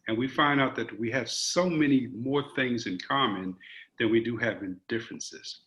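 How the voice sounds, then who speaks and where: A man's voice: medium pitch, moderate pace, a bit bright. A man moderating a virtual community panel on a video call, earnest, often repeating words as he thinks.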